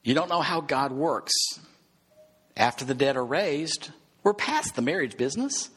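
A man's voice: fairly high pitch, lively intonation, a little slow, a bit bright, slightly rough. A man preaching a sermon, teaching emphatically and asking rhetorical questions. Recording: long hall reverb.

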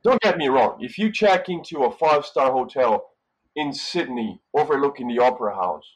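A man's voice: mid-range voice, animated, normal speed, poor audio. A man from Brazil, a hotel manager talking casually in an interview, rambling and repeating words as he thinks.

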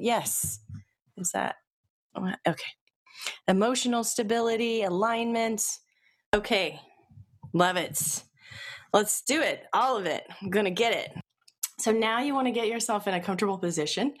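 A woman hypnotherapist leading a live online group session, chatting gently with viewers and then guiding a slow, soothing hypnosis induction. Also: medium pitch. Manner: gentle, conversational, reads chat comments aloud.

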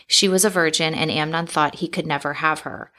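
Lower-voiced woman reading scripture aloud. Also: fairly even intonation, brisk, sharp tone. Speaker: scripture reader.

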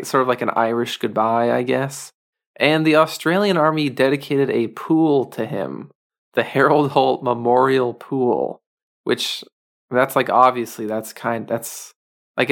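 Gravelly man rambling through a podcast. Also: medium pitch, fairly bright tone. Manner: rambling, filler-heavy, wry asides. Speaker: podcast host. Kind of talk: casual solo podcast monologue.

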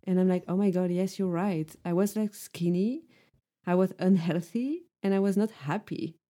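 Earnest woman with soft, mellow voice. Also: on the low side, normal speed. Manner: frequent "like" fillers, earnest. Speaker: podcast co-host. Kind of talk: casual chat.

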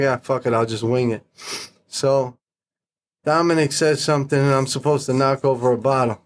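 A middle-aged man, a podcast guest, telling stories in a blunt, profane, animated way. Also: medium pitch, slight background noise. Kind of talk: casual storytelling.

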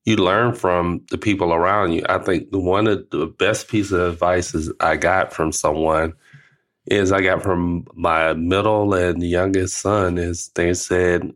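An older man and grandfather co-hosting a casual talk show, telling stories with laughs and acting out what others said, in a relaxed slangy way. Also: low-pitched, unhurried. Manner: animated storyteller, acts out quotes with laughs; uses casual slang like finna and ain't. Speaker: podcast co-host. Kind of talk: casual chat.

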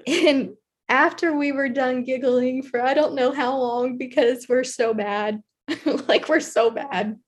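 A woman with a Southern US accent spins a story in a relaxed conversational chat. Her voice sits a touch on the high side, and she talks in an animated, chatty way with lots of casual fillers. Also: a little slow. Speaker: guest storyteller, former intervention specialist.

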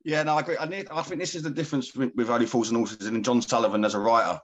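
A man's voice: medium pitch, fairly even intonation, rapid-fire. A man in a casual podcast chat, enthusiastically retelling scenes. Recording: dull lo-fi sound.

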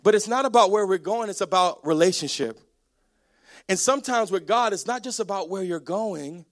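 High-voiced, animated male preacher. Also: moderate pace. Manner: energetic, storytelling, many restarts. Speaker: pastor. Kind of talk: sermon.

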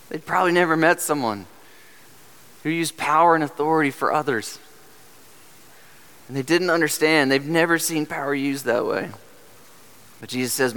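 Earnest preacher in a reverberant sanctuary. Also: male voice, on the high side, normal speed, long pauses, fairly bright tone, clear, resonant tone. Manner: earnest preaching with rhetorical questions. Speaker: pastor. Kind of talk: sermon. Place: church sanctuary. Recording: long hall reverb.

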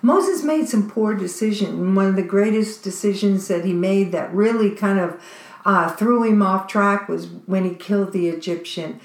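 Slow-speaking woman preacher. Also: medium pitch. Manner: conversational, earnest, with fillers. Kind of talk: sermon. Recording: roomy echo.

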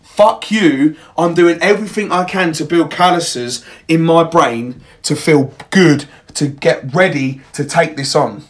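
A man's voice: fairly high pitch, unhurried, few pauses. Blunt, sweary young man. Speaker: podcast host. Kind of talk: motivational monologue.

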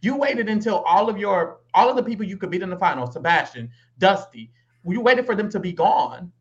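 A co-host talking bluntly and emphatically, swinging widely in pitch as they press their points. The recording sounds dull and lo-fi, as if through a cheap mic. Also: animated, fairly quick. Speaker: reality show recap co-host. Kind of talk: casual chat.

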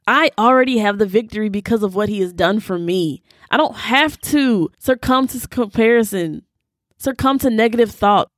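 A woman's voice: a little high, dry recording, clean studio sound. A young woman teaching the Bible in a conversational, preachy way, using casual slang. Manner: animated and preachy, with Southern "y'all" slang. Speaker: host of a Bible teaching podcast.

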